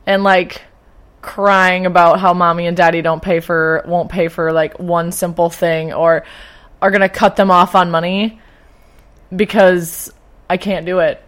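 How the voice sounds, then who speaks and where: A woman's voice: lowish voice, level tone, unhurried. A young woman co-hosting a podcast, talking casually in a rambling, loose way with some swearing. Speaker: podcast co-host. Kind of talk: casual chat.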